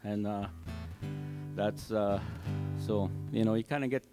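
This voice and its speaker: An older man gives his personal testimony at a church service, telling it in a halting, heartfelt way with many fillers and restarts. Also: fairly low pitch, fairly even intonation, over music. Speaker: church member giving testimony. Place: community hall church service.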